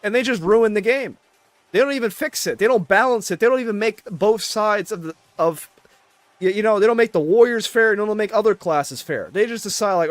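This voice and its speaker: High-voiced man ranting with heavy swearing. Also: fairly quick, no echo. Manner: profane, exasperated ranting. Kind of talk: casual ranting chat.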